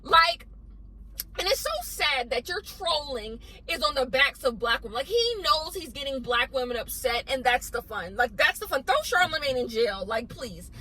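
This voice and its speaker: A woman with a high voice delivers a ranting commentary, blunt and emphatic, looping back over her points. Her tone is bright and forceful, cutting straight through. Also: expressive, moderate pace, husky, low-quality recording. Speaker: commentary vlogger.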